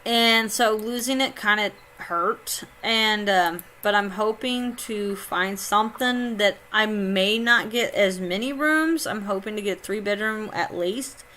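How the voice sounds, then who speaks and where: A woman's voice: mid-range voice, unhurried, hardly any pauses, pushed and bright, a little hiss or hum. A woman from Indiana, chatting casually on a live stream while she plays a game, reading chat aloud and laughing often. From Indiana, United States.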